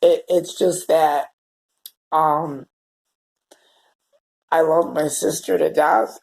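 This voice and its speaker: A man talking to the camera in a personal vlog, halting and heartfelt, often repeating words as he searches for what to say. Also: a little high, flat delivery, vocal fry, a little mellow. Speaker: vlogger. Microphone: camera held or set facing away.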